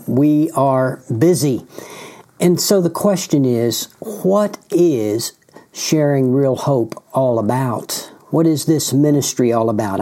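A man hosts a Christian podcast and teaches in an unscripted way. His voice is mellow and warm and sits at a middling pitch. He is earnest and often repeats a word as he restarts a phrase. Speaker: podcast host and ministry leader.

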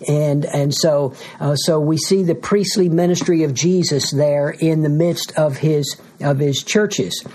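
Male pastor, husky and a touch high, earnest sermon delivery with repeated words. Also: a little mellow.

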